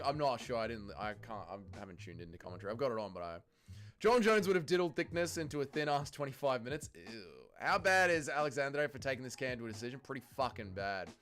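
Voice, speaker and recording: A young man, hosting a fight watch-along livestream, mocking and profane, swinging between disbelief and deadpan. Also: mid-range voice. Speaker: livestream host.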